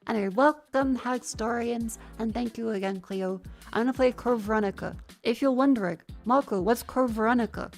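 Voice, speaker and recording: A woman streamer, stuffy from a sinus infection, chatting casually on a desk mic in a profane, rambling, excitable way. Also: a little high, moderate pace, soft background music. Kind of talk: casual gaming stream chat. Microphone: desk microphone.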